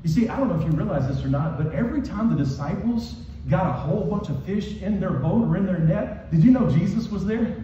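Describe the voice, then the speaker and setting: A male pastor delivers a sermon with emphatic, repetitive phrasing, his high voice dark and mellow in tone. He shifts from raised, near-shouted lines to quiet ones. The sound is dull and comes from far off in a very echoey church hall. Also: animated, fairly quick, few pauses, slight background noise. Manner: emphatic, repetitive preaching that swings from shouting to soft.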